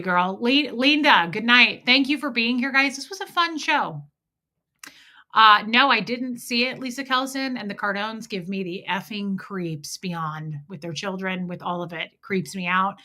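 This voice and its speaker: A woman's voice: medium pitch, pushed and bright. A woman hosting a casual livestream chat, sarcastic and mocking, swearing freely and greeting viewers by name. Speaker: livestream host. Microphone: home streaming mic.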